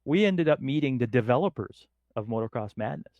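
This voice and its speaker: Speaking at medium pitch and slightly fast, a middle-aged man from northern Canada tells casual stories as a podcast guest, lively and acting out the voices in his anecdotes. The recording is dry and muffled.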